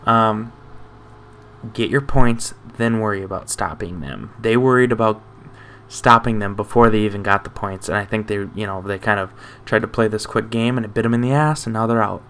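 A man's voice: on the low side, normal speed, a bit bright, clear, resonant tone. A young man hosting a sports show, chatting casually and rambling with self-deprecating asides. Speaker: sports podcast host.

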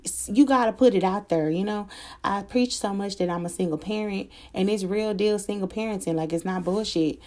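Candid, slangy woman with a mellow voice. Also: mid-range voice, fairly quick. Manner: candid, slangy, swears freely, laughs often. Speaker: vlogger telling a personal story. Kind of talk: casual storytime chat.

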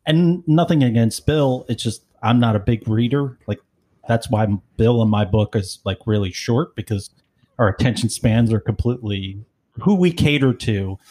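A middle-aged male podcast host talks in a relaxed way, full of fillers and self-mockery. His voice sits in an ordinary middle range. He wanders from point to point in casual chat. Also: mid-range voice, moderate pace. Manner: rambling, filler-heavy, self-deprecating.

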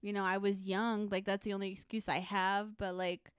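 A young woman co-hosting a podcast, telling stories in a profane, animated, casual way. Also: mid-range voice, moderate pace, clean tone, no room sound. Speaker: podcast co-host. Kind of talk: casual chat.

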